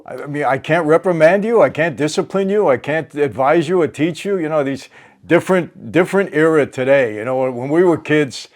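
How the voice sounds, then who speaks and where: Older man hosting a casual interview. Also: on the high side. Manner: halting, many fillers and restarts. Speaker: host.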